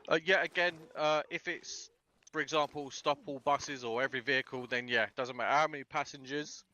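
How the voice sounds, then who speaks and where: A man's voice: medium pitch, steady tone, a little fast, bright, forceful tone. A man leading a casual tactical briefing, blunt and sweary, acting out example dialogue. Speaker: instructor.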